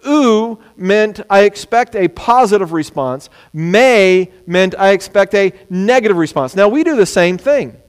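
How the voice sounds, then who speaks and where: A man preaching a sermon, animated, sometimes acting out the words of people he quotes. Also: sits high, measured pace, few pauses, clear, resonant tone. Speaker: pastor. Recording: long hall reverb.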